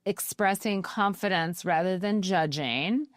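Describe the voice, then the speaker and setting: Calm, affirming woman co-host. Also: fairly low pitch, measured pace, no echo, studio quality. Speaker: podcast co-host. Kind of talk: casual chat.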